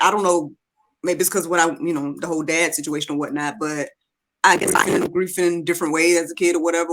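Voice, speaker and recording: A woman's voice: lowish voice, fairly bright tone. A woman hosting a talk show, rambling through her thoughts with lots of fillers before she asks a question. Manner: rambling, filler-heavy, thinking aloud. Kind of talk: casual interview chat.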